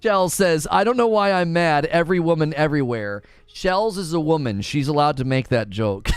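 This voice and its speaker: A man's voice: fairly high pitch, very animated, measured pace, clean tone, no echo, soft background music. A man hosting a casual live stream, chatting and joking with viewers, laughing often and slipping into playful voices. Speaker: streaming show host.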